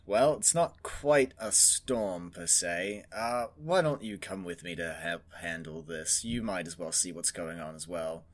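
A man's voice: lowish voice, big pitch swings, unhurried, creaky, hardly any pauses, exaggerated voice. A man voicing a blunt male adventurer with a dry way of talking. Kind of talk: voicing a player character in a tabletop game.

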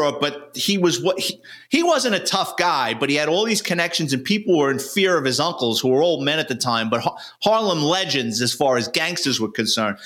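Blunt older New man, bright voice. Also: fairly high pitch. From New York City. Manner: blunt, street-wise, colorful swearing. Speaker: retired police detective and author, guest. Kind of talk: casual storytelling.

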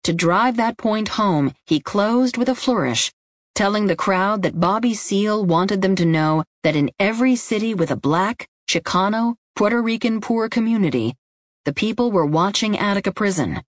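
A woman narrating a nonfiction audiobook in a measured, even reading style. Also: mid-range voice, no echo, studio quality.

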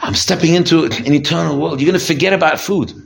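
A man's voice: fast, creaky, slight background noise. A man giving an emphatic sermon as a rabbi, often repeating and restarting his phrases. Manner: lively, emphatic preaching that swings from low and quiet to high and intense. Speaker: rabbi giving a holiday talk.

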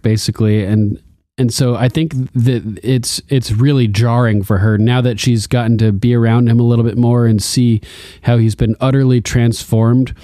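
A man's voice: dark tone, dry recording, studio quality. A young man co-hosting a casual talk show, recapping an episode with rambling asides and frequent laughs. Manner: rambling, laughs often, acts out quotes in a higher voice. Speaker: podcast co-host.

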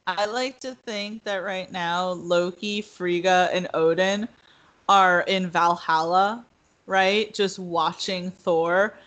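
A woman's voice: fairly low pitch, fairly even intonation, takes it slowly, fairly bright tone. A woman hosting a casual podcast, talking chattily and laughing often. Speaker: podcast host. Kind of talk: casual chat.

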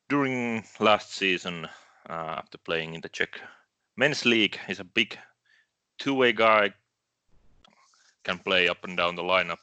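A man explaining his picks as a guest on a podcast, in measured, casual talk. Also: low voice, bright, forceful tone, dry recording. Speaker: draft analyst guest.

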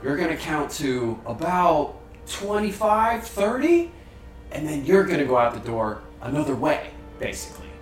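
A man playing a tabletop game, excitable, yelping and swearing as he talks in character. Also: a little high, normal speed. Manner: excitable, swears and yelps, plays his character. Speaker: player. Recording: roomy, a bit off mic, music behind.

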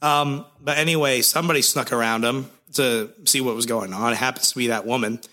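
Man, casual comic recap, lively storyteller, crude humor, bright voice. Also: medium pitch, fairly quick. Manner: lively storytelling, crude jokes, many fillers.

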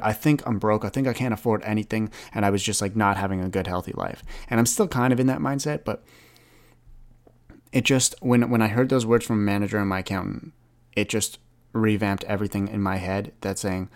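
A man's voice: fairly low pitch, fairly even intonation, fairly quick. A man in his twenties talking earnestly in a rambling solo podcast monologue, often restarting his sentences. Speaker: podcast host.

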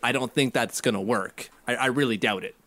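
A man's voice: medium pitch, a little fast, sharp tone, no echo. A man co-hosting a casual chat, joking and putting on mocking voices. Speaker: podcast co-host.

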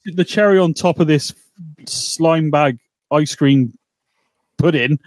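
A man co-hosting a podcast, chatting casually and excitably, swearing and laughing as he goes. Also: a little high, slow pace, no echo. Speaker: podcast co-host. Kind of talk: casual recap chat.

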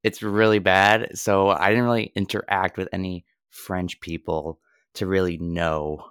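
A man's voice: sits low, flat delivery, unhurried, a bit bright, smooth, no echo, studio quality. A man co-hosting a casual podcast, laid-back and hesitant, chuckling often as he talks. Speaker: podcast co-host. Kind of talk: casual chat.

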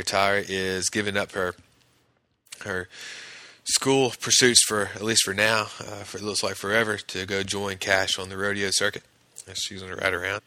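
A man's voice: on the low side, sharp tone, dry recording. A man hosting a podcast, casually recapping a TV episode scene by scene and quoting the characters in his own voice.

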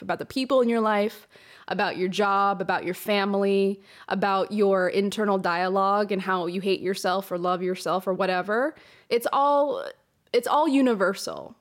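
A woman hosting a solo podcast, talking frankly and emotionally, swearing freely and getting worked up. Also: mid-range voice. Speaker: podcast host. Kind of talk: candid solo podcast monologue. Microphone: podcast microphone.

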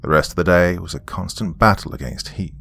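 A man telling a first-person story in a measured, descriptive way. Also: low voice, animated, vocal fry, fairly bright tone.

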